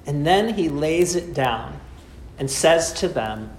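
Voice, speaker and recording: A man delivers an expressive sermon in a fairly high voice, asking rhetorical questions and relying on dramatic pauses. The sound echoes through the room over a faint background hum.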